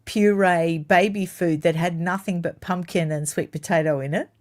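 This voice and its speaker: A woman's voice: on the low side, steady tone, moderate pace. A middle-aged Australian woman hosting a casual live chat, chatty and giggly, often trailing off mid-thought. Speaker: host.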